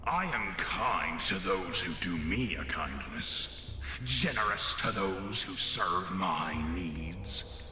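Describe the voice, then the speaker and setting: A man voicing a scheming undead male dwarf lich with an Irish accent, speaking in a grand, deliberate way. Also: fairly low pitch, bright, forceful tone, exaggerated voice. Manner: grand, deliberate bargaining speech. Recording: echoey game audio with music.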